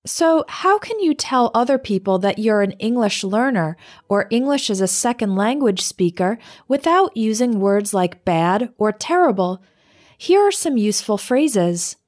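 A woman reading a scripted English lesson in a clear, measured way, slowing down for the example phrases. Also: medium pitch, lively intonation, a little mellow. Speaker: English teacher.

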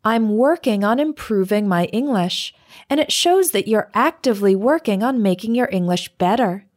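A woman reading a scripted English lesson in a clear, measured way, slowing down for the example phrases. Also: medium pitch, animated. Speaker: English teacher.

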